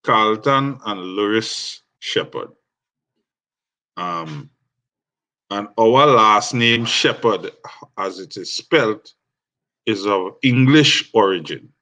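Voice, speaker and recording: Slow-speaking Trinidadian man. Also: fairly low pitch, expressive, pushed and bright. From Trinidad and Tobago. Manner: measured, reflective. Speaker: guest musician. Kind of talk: storytelling interview.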